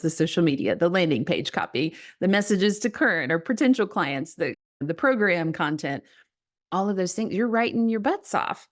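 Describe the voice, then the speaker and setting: A woman with a Southern American accent, a writing coach talking earnestly on a podcast, musing and laughing softly as she speaks. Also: deep voice. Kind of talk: reflective podcast conversation.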